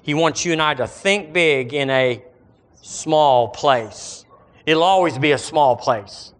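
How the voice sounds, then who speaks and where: Animated preacher man. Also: fairly high pitch, slow pace. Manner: animated, rhetorical, calls on the congregation to repeat after him. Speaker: pastor. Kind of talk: sermon.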